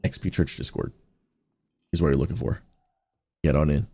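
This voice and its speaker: Deep-voiced pastor streaming a game. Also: male voice, normal speed, creaky, warm tone, slightly rough. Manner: upbeat, talks straight to chat, slips into preaching. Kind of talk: casual livestream chat while gaming.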